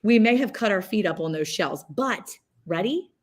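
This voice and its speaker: A woman's voice: mid-range voice, lively intonation, moderate pace. A woman with a Southern US accent, co-hosting a casual chat over a video call and telling stories with drawling quoted asides. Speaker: co-host.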